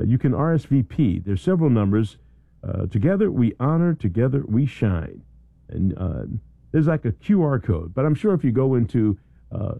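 A man's voice: lowish voice, gravelly, dry recording, phone-quality sound. A man hosting a talk radio show, chatting loosely and reading event announcements with lots of "you know". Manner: rambling, chatty, lots of "you know" and restarts, bursts of excited shouting. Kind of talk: casual radio chat and announcements. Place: radio studio.

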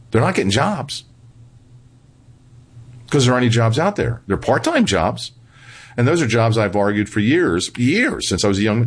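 A man being interviewed as a financial commentator. He talks bluntly and with a touch of sarcasm, and keeps pressing his points with "right?" and "okay?". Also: mid-range voice. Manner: emphatic, repeats "right?" and "okay?" for emphasis. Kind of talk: interview answers.

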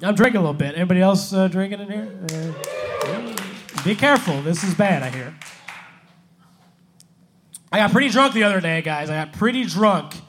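Standup guy, deadpan dry jokes, highish voice that jumps around, bit of faint noise. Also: moderate pace, pauses often. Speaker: stand-up comedian. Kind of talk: stand-up comedy.

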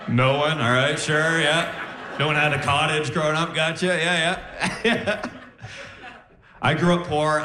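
A young man performing a stand-up comedy set on stage, animated, with sudden high-pitched exclamations. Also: slight background noise. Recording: echoey room.

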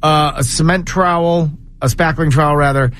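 A middle-aged man telling a funny story in casual banter with a co-host, animated and jumping up in pitch for quoted voices. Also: normal speed.

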